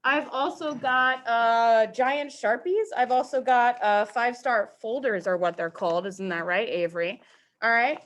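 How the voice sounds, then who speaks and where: A woman's voice: a little high, measured pace, fairly bright tone. A woman teaching a math class to students in the room and online, playful and teasing with mock-dramatic outbursts.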